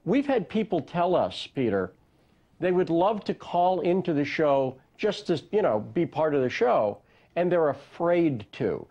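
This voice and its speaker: A man with a fairly high, very lively voice talks like a radio host while a guest on a panel. His delivery is chatty and animated. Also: measured pace, dull audio. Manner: conversational, animated. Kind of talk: debate commentary.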